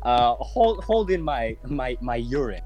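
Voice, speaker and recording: A podcast host in his twenties tells a casual story, swearing freely and animatedly acting out the voices of the people in it. His medium-pitched voice moves a little slowly, with faint music behind him.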